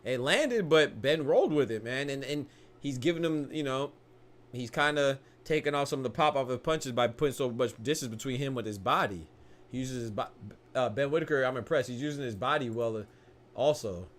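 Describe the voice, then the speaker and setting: A young man in a mid-range voice delivers brisk, casual live commentary on a boxing bout. Slangy and excitable, he laughs a lot and frequently begins sentences anew.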